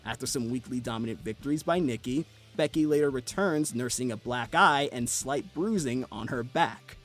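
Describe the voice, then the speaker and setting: A man narrates a wrestling video in a brisk, animated, scripted style. His pitch sits mid-range, and soft music plays faintly underneath.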